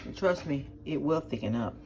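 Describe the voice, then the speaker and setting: A woman whose voice sits low speaks in an animated way at a moderate pace, chatting viewers through her home cooking step by step. She's a regular cooking vlogger in her home kitchen, where background noise and clattering pots and dishes can be heard.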